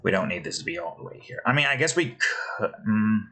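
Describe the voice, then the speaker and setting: A man's voice: fairly low pitch, sing-song, fast, pushed and bright, rough recording. A man, a game developer, thinking aloud as he builds, muttering hesitantly and questioning himself.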